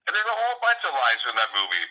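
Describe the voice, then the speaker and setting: A man's voice: medium pitch, huge pitch swings, racing, sharp tone, highs cut off. A man from Canada calling in to a live stream, laughing as he retells film lines in a mocking voice. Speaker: caller. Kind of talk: casual chat.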